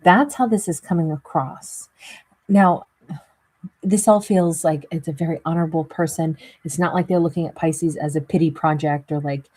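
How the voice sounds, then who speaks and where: Wheezy, husky woman giving a rambling tarot reading. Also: sits low, fairly even intonation, normal speed, a little mellow. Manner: rambling, heavy with fillers. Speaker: tarot reader.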